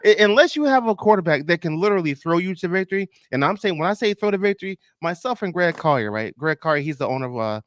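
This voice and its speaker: A man hosts a sports podcast in loose, excitable chat. His voice sits a little high and swoops widely as he exclaims. The sound is dry and close. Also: quick pace, hardly any pauses, dry recording. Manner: animated, exclaiming, many restarts and laughs. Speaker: podcast host.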